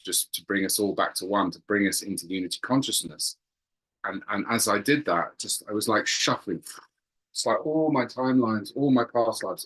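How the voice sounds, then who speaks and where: A man's voice: on the low side, a bit bright, rough recording. A man earnestly recounting a spiritual experience, often searching for words and repeating phrases. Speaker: guest telling a spiritual experience. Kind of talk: earnest personal storytelling.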